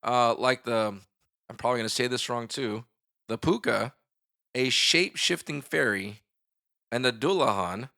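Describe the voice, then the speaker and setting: A man's voice: medium pitch, moderate pace, gravelly, sharp tone. A middle-aged man co-hosting a casual podcast with his daughter, reading facts aloud and joking between them. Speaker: podcast co-host, father. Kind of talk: casual chat.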